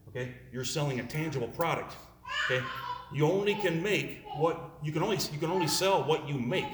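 Male presenter, interactive talk, quizzes the room, echoey hall, faint hiss. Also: fairly high pitch. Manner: asks audience questions, repeats words, jokey asides. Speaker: speaker presenting to an audience. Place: room with a live audience. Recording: roomy with faint noise.

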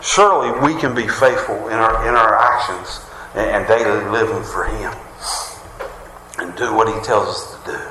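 A man's voice: fairly low pitch, moderate pace, noisy background. A man preaching a sermon, folksy and conversational, full of jokes and rhetorical questions. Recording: roomy hall reverb.

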